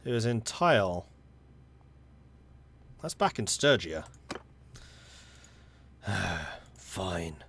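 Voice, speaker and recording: A man's voice: mid-range voice, big pitch swings, slow, long pauses, fairly bright tone, a little hiss or hum. Chatty man narrating a game. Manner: chatty, self-deprecating, thinks aloud. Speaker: gaming YouTuber. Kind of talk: casual gameplay commentary.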